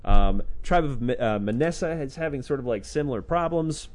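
Sarcastic guy swearing his way through old bible stories, voice jumps up and down a lot, medium pitch. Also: brisk. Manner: profane, sarcastic, animated with acted-out quotes. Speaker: podcast host retelling a scripture book. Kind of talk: irreverent casual storytelling.

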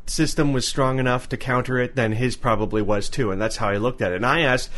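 A man's voice: mid-range voice, quick pace, few pauses, a bit bright. A man co-hosting a podcast in casual chat, rambling and restarting his sentences. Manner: rambling, repeats words when starting sentences. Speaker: podcast co-host.

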